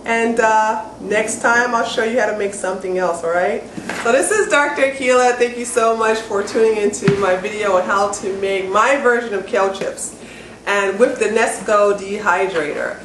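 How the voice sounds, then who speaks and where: A woman giving a casual, enthusiastic cooking how-to demonstration at home, chatty and getting excited. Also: medium pitch, normal speed. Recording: roomy echo with faint background noise.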